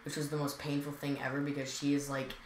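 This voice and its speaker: A woman's voice: sits low, completely flat delivery, quick pace. A teenage girl co-hosting a podcast who rambles through school stories in a casual chat, with many fillers and silly asides. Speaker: podcast co-host. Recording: echoey room with faint noise.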